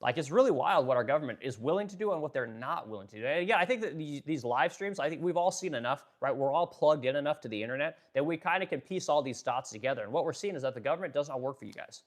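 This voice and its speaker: Male streamer who talks fast and rants with heavy swearing and fillers, pausing to answer chat. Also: fairly high pitch, lively intonation. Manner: fast-talking, ranting, profane, filler-heavy; reads and answers viewer chat. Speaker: livestream host. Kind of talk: political rant livestream.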